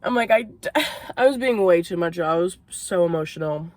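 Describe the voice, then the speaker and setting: A woman's voice: fairly low pitch, moderate pace, darkish tone, no room sound. A young woman from Maine telling a story casually while eating in a car, swearing and laughing between bites. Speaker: vlogger. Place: inside a parked car.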